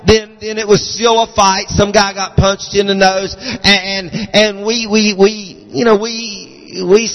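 A man's voice: sits high, measured pace, few pauses, fairly bright tone, lo-fi sound. A man preaching a sermon, fervent and full of restarts and repeated words. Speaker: pastor. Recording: long reverb of a large hall.

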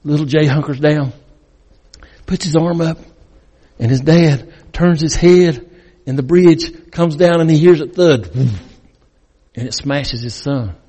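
Male guest preacher, dramatic sermon storytelling, husky voice, slightly high pitch, long hall reverb. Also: a little slow. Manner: dramatic, swinging between loud and hushed.

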